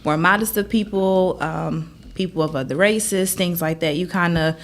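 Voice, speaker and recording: Lowish-voiced woman producer. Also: moderate pace. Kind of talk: casual explanation.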